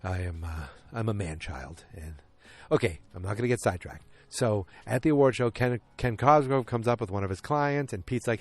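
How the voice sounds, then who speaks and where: A man's voice: on the low side, moderate pace, few pauses, no room sound. A man hosting a solo podcast, recapping episodes in a loose, rambling way and often correcting himself mid-sentence. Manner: rambling, frequent self-corrections and restarts; animated when retelling scenes. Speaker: podcast host.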